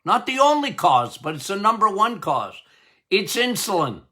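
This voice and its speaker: A man's voice: high voice, very animated, moderate pace, sharp tone. A man hosting a health podcast as a doctor, talking emphatically, repeating key words and laughing at his own jokes. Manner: emphatic and repetitive, drumming points home.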